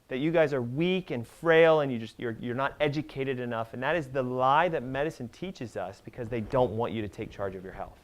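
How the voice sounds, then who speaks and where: Man, live seminar lecture, emphatic, rapid-fire, fairly high voice. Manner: emphatic, rapid-fire, asks the audience questions. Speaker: health speaker at a live seminar. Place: seminar room with an audience.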